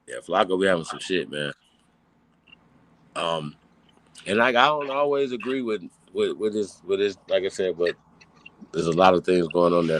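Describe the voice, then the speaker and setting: A man hosting a casual podcast chat in African American Vernacular English, rambling loosely with many restarts. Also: sits low. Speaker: podcast host.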